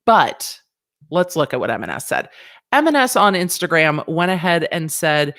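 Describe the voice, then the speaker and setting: A woman's voice: lowish voice, sing-song, moderate pace, a bit bright. Sassy woman hosting a legal chat. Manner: sassy, chatty, joking asides. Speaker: legal commentary host. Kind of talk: casual livestream talk.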